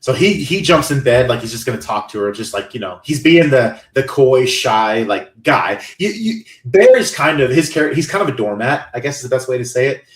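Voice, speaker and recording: A man in his thirties talks through a film scene by scene, slipping into the characters' voices as he goes. His pitch sits in the middle, and the room around him rings with noticeable echo. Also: moderate pace, hardly any pauses. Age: 30s. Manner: animated storytelling, acting out character lines. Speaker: podcast co-host. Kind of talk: casual podcast chat, movie recap. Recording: roomy echo.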